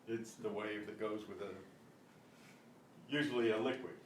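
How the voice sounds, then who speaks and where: A man's voice: lowish voice, fairly even intonation, distant mic. Patient male teacher in a roomy space. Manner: patient, explanatory, repeating phrases slowly. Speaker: Spanish teacher. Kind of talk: online beginner language lesson. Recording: roomy echo with faint noise.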